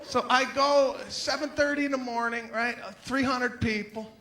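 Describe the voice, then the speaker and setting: A man doing a stand-up routine, ranting in an animated, indignant way that builds to outbursts. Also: very high voice, normal speed, crowd noise. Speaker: stand-up comedian.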